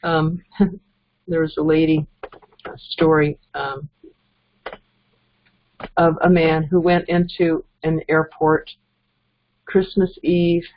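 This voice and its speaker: A woman's voice: sits low, level tone, slow, pauses often, a little hiss or hum. A woman giving a casual, earnest motivational training talk as a network marketing trainer, chuckling between points. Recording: dull lo-fi recording.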